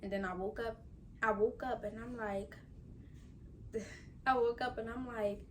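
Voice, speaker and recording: A woman's voice: on the high side, fairly even intonation, unhurried, pauses often, distant mic, slight background noise, low-quality recording. A woman in her twenties chatting casually to her viewers, telling a story and acting out her own thoughts while recovering from surgery. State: recovering from surgery, can't bend down. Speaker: vlogger. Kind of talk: casual chat to camera.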